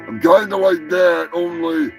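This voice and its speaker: A man with a gravelly, fairly high voice hosts a live comedy show. He rants in a crude, profane, joking way, taking his time over each line. Music plays clearly underneath him. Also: measured pace, highs cut off. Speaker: host.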